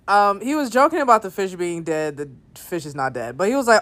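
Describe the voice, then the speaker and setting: A woman telling an internet story in casual commentary, animated and gossipy, laughing often. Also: mid-range voice, a little slow.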